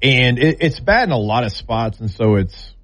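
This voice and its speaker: A man's voice: mid-range voice, expressive, normal speed, a bit bright. A man talking football in a casual, drawling way, with loose everyday grammar, as a sports talk co-host.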